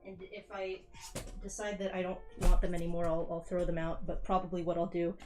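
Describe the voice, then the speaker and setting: A woman's voice: fairly low pitch, little pitch movement, brisk, over music. A young woman streamer chatting casually in her bedroom as she tidies, rambling and poking fun at herself with frequent laughs. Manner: rambling and self-mocking, laughs often. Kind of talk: casual chat while cleaning.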